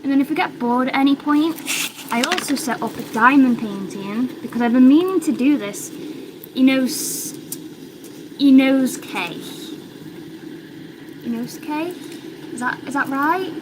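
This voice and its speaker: A woman's voice: high-pitched, normal speed. Chatty British woman on a noisy stream. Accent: British English. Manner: chatty, rambling, excitable. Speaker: crochet livestreamer. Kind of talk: casual livestream chat. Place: home.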